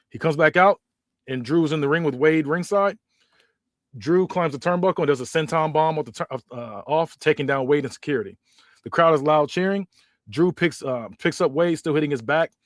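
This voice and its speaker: A man hosting a podcast narrates a story in a hurried, casual way, often restarting and correcting himself. His voice is slightly high, and the recording is close and dry. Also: no echo. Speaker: podcast host.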